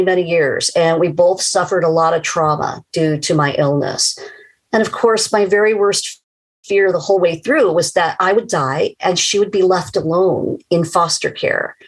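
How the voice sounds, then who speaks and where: Older lady telling her story, kinda husky and low, really earnest. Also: poor audio. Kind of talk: scripted personal testimony.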